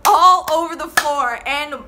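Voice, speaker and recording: Young woman telling a wild story, says like a lot, cusses, bright high voice. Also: measured pace, a little hiss or hum. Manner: rambling, profane, heavy on "like". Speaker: vlogger. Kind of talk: casual storytime.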